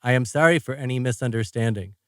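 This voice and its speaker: A man's voice: medium pitch, quick pace, a bit bright, clean tone, no room sound, clean studio sound, pitched below the performer's own voice, close to an everyday voice. A man voicing a polite, literal-minded male artificial intelligence, speaking formally and without contractions in an audiobook.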